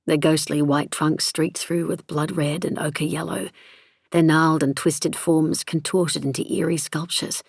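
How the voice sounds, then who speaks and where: Low gravelly woman narrating. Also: no echo, studio quality. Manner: measured, reflective. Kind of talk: scripted first-person audiobook narration. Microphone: close studio mic.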